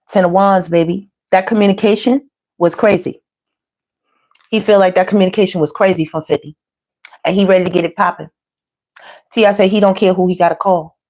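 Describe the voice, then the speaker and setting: Woman tarot reader, chatty and slangy, middle pitch, talks straight to viewers. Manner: chatty, animated, slangy, addresses viewers as y'all. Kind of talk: casual tarot reading monologue.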